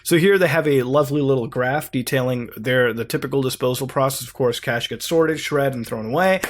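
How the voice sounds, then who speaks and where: A man's voice: mid-range voice, fairly quick. A man hosting casual, rambling commentary while browsing websites, swearing freely. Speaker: host.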